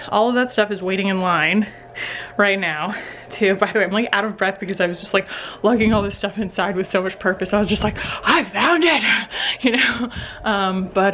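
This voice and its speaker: A woman's voice: medium pitch, a bit bright, slight background noise. A young woman chatting casually to camera in a home vlog, full of fillers and little laughs. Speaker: vlogger.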